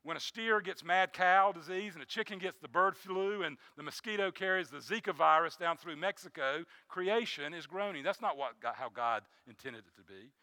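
A man preaching a sermon as pastor, building emphasis with frequent restarts and dropping to a soft low voice on key phrases. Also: moderate pace, few pauses, no echo.

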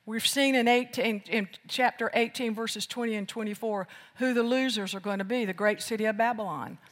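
A preacher delivering an emphatic sermon, moving from loud declarations to hushed lines. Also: mid-range voice, brisk. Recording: long hall reverb.

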